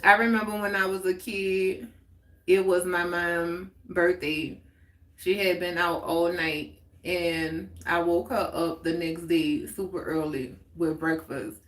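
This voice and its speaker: Speaking slowly in a fairly low, fairly even voice with a slightly bright edge, this forties-aged woman hosts a live talk stream. She's candid and chatty, answers viewer comments out loud, and laughs a lot, all in a roomy, echoing space.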